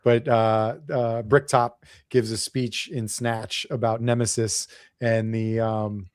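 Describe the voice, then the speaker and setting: A man's voice: lowish voice, flat delivery, takes it slowly, smooth, no echo, clean studio sound. A man co-hosting a podcast, rambling loosely and swearing in casual chat. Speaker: podcast co-host.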